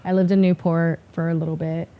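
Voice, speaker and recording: A woman's voice: lowish voice, little pitch movement, a little fast, narrow, tinny audio. A woman in her forties, a hairstylist guest, telling stories in casual podcast chat and swearing freely. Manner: chatty, swears casually, storytelling.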